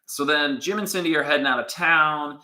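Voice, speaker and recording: A man co-hosting a podcast, casually recapping an episode from his notes in a rambling, animated way. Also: a little high, fairly quick, reverberant, rough recording. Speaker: podcast co-host.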